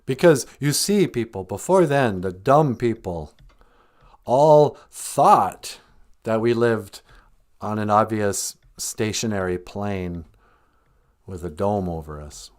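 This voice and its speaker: A man's voice: fairly low pitch, expressive, takes it slowly. An older man hosting a podcast, joking sarcastically and laughing often as he talks. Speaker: podcast host. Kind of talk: comedic casual chat.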